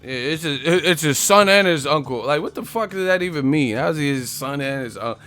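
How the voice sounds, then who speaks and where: A man's voice: on the high side, expressive, fairly quick, fairly bright tone, faint music behind. A man hosting a boxing live stream, ranting casually and profanely with jokes. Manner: profane, laughing, joking. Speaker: boxing channel host.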